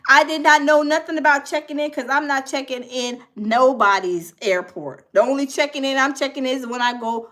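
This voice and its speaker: A woman's voice: sits high, moderate pace, hardly any pauses, fairly bright tone. A woman hosting a casual gossip livestream, talking animatedly and acting out other people's voices. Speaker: gossip show host.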